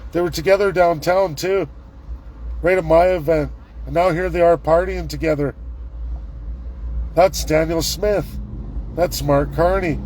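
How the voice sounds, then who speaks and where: A middle-aged man, live-vlogging from a city street on his phone, ranting and repeating excited exclamations. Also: fairly high pitch, unhurried, long pauses, a little hiss or hum, poor audio. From Canada. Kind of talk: live street vlog commentary. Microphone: handheld phone camera.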